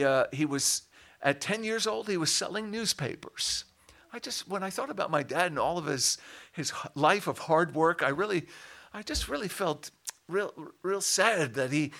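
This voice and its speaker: An older man preaching a sermon in an animated way, rising to loud, emphatic shouts on key words. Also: on the high side. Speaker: pastor.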